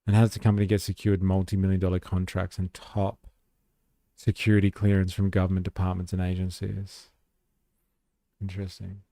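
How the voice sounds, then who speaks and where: A man's voice: low-pitched, completely flat delivery, fairly quick, mellow, dry recording. A young Australian man hosting a livestream, chatting casually in a laid-back, profane way and laughing often. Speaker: livestream host.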